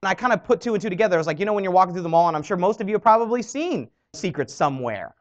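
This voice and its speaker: A man giving a motivational talk to an audience about his network marketing story, animated and acting out the voices he quotes. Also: high voice, racing. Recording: dull lo-fi recording.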